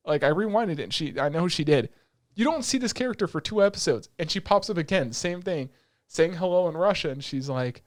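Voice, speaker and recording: Young male podcast host, loose and animated, cusses freely while recapping a show. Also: on the high side. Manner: animated, swears freely, quick asides. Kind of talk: casual anime review chat.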